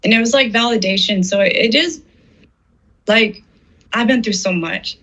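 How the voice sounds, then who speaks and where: A woman's voice: fairly high pitch, normal speed, fairly bright tone. A middle-aged woman being interviewed, telling her personal story in an earnest, emotional way and acting out the words of people she quotes. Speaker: interviewed artist. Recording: slightly dull, muffled audio.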